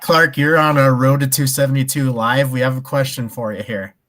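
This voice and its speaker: A man's voice: mid-range voice, steady tone, fairly quick, a bit bright, slight background noise. A man hosting a casual sports betting podcast, rambling and laughing often, tripping over his words. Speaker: podcast host.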